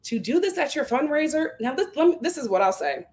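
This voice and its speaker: A woman, giving an animated, gossipy live review of reality TV. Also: high voice, quick pace. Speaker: show reviewer.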